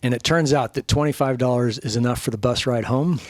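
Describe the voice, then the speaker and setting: A man telling stories as a podcast guest, animated and profane, acting out the people he quotes. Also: medium pitch, fairly quick, no room sound, studio quality. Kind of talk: storytelling.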